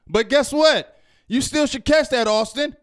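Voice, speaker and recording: A man co-hosting a fan show, ranting loudly and heatedly after a game and asking "you feel me?" over and over. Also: very high voice, unhurried. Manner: loud, fired-up ranting with repeated "you feel me?". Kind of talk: heated postgame rant.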